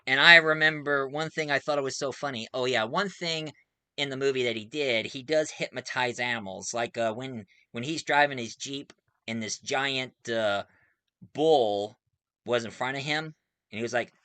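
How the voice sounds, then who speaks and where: A man's voice: medium pitch, normal speed, pushed and bright, clear, resonant tone, no echo. A man reviewing a movie in a casual, rambling way, full of fillers and frequent chuckles.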